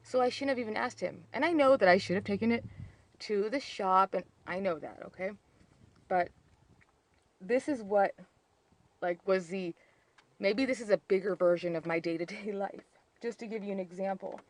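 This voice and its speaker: A woman's voice: mid-range voice, normal speed, pauses often. A woman candidly recounting a painful relationship story in a vlog, emotional and rambling, full of "like" and restarts. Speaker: vlogger on narcissistic abuse.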